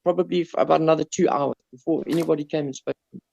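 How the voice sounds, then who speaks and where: A man with a South African accent, casually telling a story on a podcast, animated, swearing and stumbling over his words. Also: on the high side, racing, creaky. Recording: slightly dull lo-fi sound.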